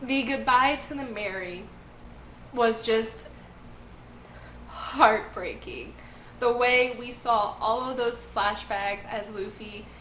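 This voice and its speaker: Young woman, high bright voice, excited fan chatter, roomy echo, faint hiss. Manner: gushing, emotional fan. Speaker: anime review host. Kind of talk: casual review chat.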